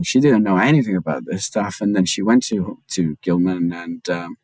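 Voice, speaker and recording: A man being interviewed about his reporting, who tells the story quickly, with many restarts and stammers. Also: lowish voice, no echo, poor audio. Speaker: guest author and journalist. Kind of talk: casual interview chat.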